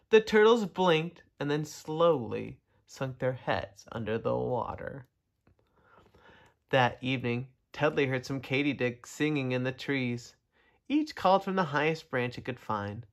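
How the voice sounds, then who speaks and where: A man reading a children's story aloud, gentle and expressive, talking to young listeners. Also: fairly high pitch. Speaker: storybook reader.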